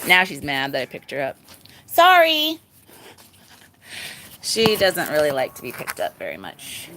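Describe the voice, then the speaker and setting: A woman's voice: rumbling low, big pitch swings, fairly quick, pushed and bright, slight background noise. A woman vlogging outdoors in her garden on a handheld phone, rambling casually and laughing often. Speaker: vlogger showing her pet pig and garden. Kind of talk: casual chat.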